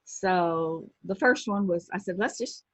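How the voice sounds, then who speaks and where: A woman in her sixties, a former pro wrestler, telling lively anecdotes in an interview and acting out the people she quotes. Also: lowish voice, measured pace, no echo. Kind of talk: casual storytelling interview. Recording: dull lo-fi sound.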